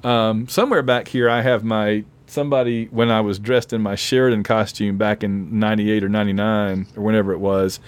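A man co-hosting a relaxed podcast conversation, his voice worn and going hoarse. He talks like an eager fan, laughing easily and restarting his sentences as he goes. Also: on the low side, fairly quick, few pauses. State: losing his voice. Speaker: podcast co-host. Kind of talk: casual chat.

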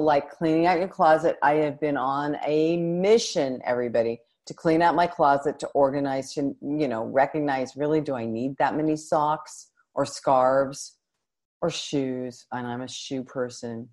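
A woman hosting a personal podcast, talking in an animated, expressive way with frequent restarts. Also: deep voice, a little slow. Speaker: podcast host. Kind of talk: casual personal podcast monologue.

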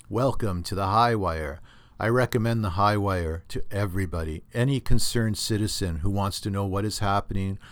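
A Canadian man hosting a solo podcast, rambling and opinionated, with many restarts, recorded on a computer at home. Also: low voice. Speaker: podcast host. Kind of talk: casual solo podcast monologue. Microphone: computer recording setup.

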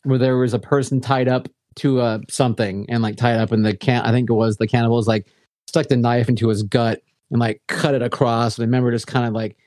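A man co-hosting a podcast, rambling casually with plenty of restarts. His voice sits at a middle pitch. The recording is dry and close. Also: little pitch movement, fairly quick, a little mellow, dry recording. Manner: rambling, lots of fillers and restarts. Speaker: podcast co-host. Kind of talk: casual chat.

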